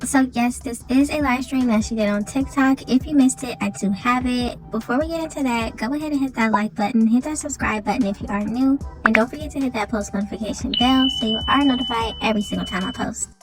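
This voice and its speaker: A woman hosting a reaction channel opens the video in a fairly high voice. She sets up the clip briskly and runs through the like and subscribe reminders, with faint music underneath. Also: low-quality recording. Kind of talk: channel intro narration.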